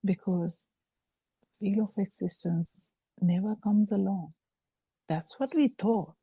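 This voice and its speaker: A woman giving a slow, halting Buddhist dharma talk over a video call, with frequent fillers. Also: mid-range voice, warm tone, husky, no room sound, low-quality recording. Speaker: Buddhist teacher.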